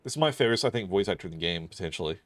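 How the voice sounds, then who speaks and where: A male streamer chatting loosely with his viewers while he plays. His voice sits a little low, and he rambles, cursing freely and filling gaps with likes and ums. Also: expressive, racing. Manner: rambling, profane, many fillers. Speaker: game streamer. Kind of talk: casual chat while gaming.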